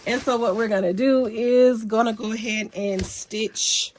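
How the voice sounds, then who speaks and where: A woman's voice: fairly high pitch, steady tone, unhurried, a little mellow, slight background noise. A woman hosting a casual sewing tutorial at home, chatty and folksy with apologetic asides, a little sniffly, recorded on a phone by her sewing machine. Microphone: phone mounted near sewing machine.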